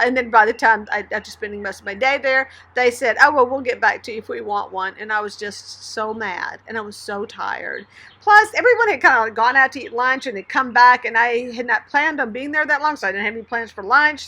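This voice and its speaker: A middle-aged woman from Texas, telling a personal story to camera in a chatty, animated way. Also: on the high side. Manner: chatty and animated, with laughs and sighs. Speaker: writing channel host.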